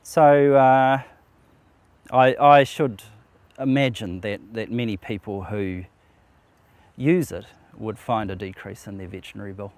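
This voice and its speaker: A man working as a veterinarian, explaining animal health in a measured, professional way. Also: fairly low pitch, a little mellow. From New Zealand. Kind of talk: explanatory interview.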